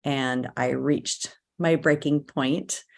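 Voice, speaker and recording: A middle-aged woman with a notably low speaking voice shares a personal story in a relaxed interview. She talks casually and easily, slipping into the voices of people she quotes. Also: takes it slowly, creaky. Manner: personal storytelling, acts out quoted voices, laughs between phrases. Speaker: guest, nurse and life coach.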